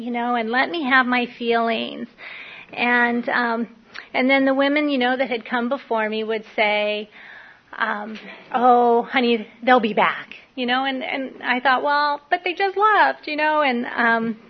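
Middle-aged woman, slightly high voice, sharing her recovery story in a loose, candid ramble; muffled lo-fi recording. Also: unhurried. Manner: candid, rambling, many fillers. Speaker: recovery meeting speaker. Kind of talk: personal testimony talk. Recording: dull lo-fi recording.

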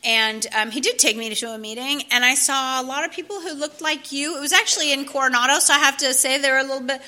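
A California woman shares her personal recovery story with a group, speaking conversationally with many fillers and restarts. She talks fast in a high-pitched voice that sounds pushed and bright.

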